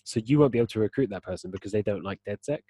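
A man's voice: lowish voice, rapid-fire, mellow, husky, dry recording. A young man in casual gaming chat, explaining at length and laughing often as a podcast co-host.

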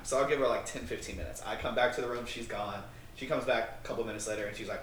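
A man's voice: mid-range voice, fairly quick, fairly bright tone. A male podcast co-host telling a rambling, casual story, full of filler words and acted-out dialogue. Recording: roomy, distant mic, faint noise.

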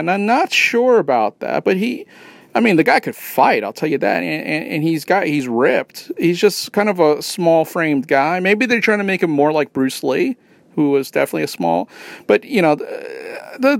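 A man's voice: a little high, gravelly, no echo. A man hosting a podcast, talking in a casual, rambling monologue full of fillers, restarts and swearing. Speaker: podcast host.

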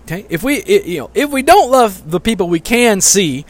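A man's voice: high voice, sing-song, normal speed. A middle-aged man preaching a sermon in a conversational way, repeating key lines and lifting his voice on the main points. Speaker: pastor.

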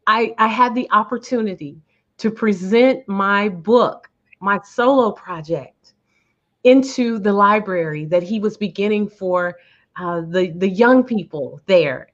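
A woman's voice: medium pitch, a bit bright, highs cut off. A woman guest speaker answering interview questions in a heartfelt, earnest way, repeating words for emphasis.

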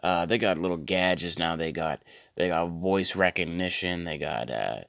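A man in his thirties hosting a podcast, rambling through a deadpan comic monologue with lots of stammered repeats. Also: sits low, normal speed, gravelly, no room sound, clean studio sound. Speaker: podcast host. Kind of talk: comedic monologue.

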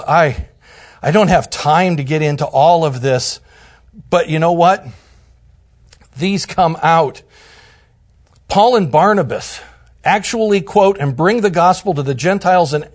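A man teaching through a Bible passage in a conversational way, sometimes dropping to a soft hush for emphasis. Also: a little high.

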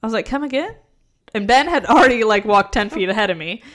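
A woman's voice: mid-range voice, fast, fairly bright tone. A woman in her thirties co-hosting a casual podcast, telling stories bluntly and swearing freely. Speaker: podcast co-host. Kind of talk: casual chat.

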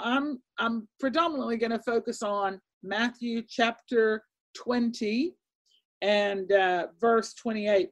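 A woman teaching a Bible lesson in an earnest, excitable sermon style, with many fillers and restarts. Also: mid-range voice. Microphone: presentation with on-screen slides.

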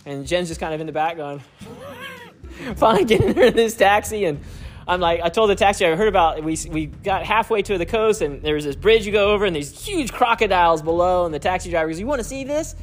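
A man's voice: high voice, lively intonation, fairly quick, a little hiss or hum. A man preaching through a personal story, chuckling often as he talks. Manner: chuckles often while telling stories. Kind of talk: storytelling sermon.

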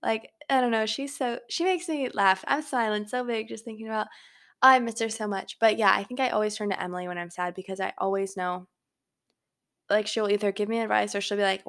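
A young woman talks through her own casual podcast from her bedroom, rambling and leaning on filler words. Her pitch sits mid-range, but her voice drops into a noticeable vocal fry. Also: steady tone, brisk, fairly bright tone. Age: young adult. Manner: rambling, filler-heavy chatter. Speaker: podcast host. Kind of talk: casual solo podcast chat. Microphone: home microphone.

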